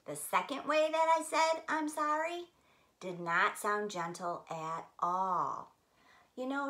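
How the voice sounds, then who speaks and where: Slow, lively-voiced woman teaching children. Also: medium pitch. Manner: slow, gentle, animated talk to children. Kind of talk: children's Bible lesson.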